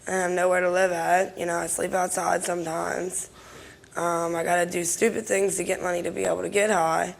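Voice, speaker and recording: A young woman, a guest on a talk show, speaking in a subdued way with a gravelly, creaky voice. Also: lowish voice, flat delivery, fairly quick, rough recording. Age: young adult. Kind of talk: confessional talk.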